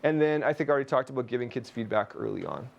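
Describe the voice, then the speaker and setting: A man's voice: medium pitch, lively intonation, very fast, vocal fry, lo-fi sound. A man from Canada leading a teacher webinar on a video call, chatty, with jokey asides to his audience. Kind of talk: webinar presentation.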